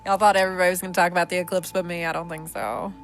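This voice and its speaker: A young adult woman hosting a casual podcast, sassy and animated, laughing often. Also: fairly low pitch, rapid-fire, faint music behind. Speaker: podcast host.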